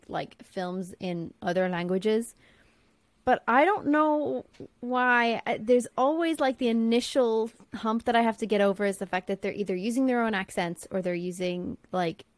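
A woman's voice: mid-range voice, lively intonation, unhurried, no room sound. A young woman co-hosting a casual chat reacting to a movie trailer, talking in a chatty way with lots of fillers. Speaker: co-host.

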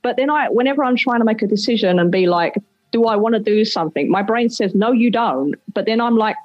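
Casual female guest, husky and animated, rambling self-deprecating chat, dry lo-fi recording. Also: fairly high pitch, fairly quick, dry recording. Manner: self-deprecating, laughs often, rambling restarts. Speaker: podcast guest, streamer.

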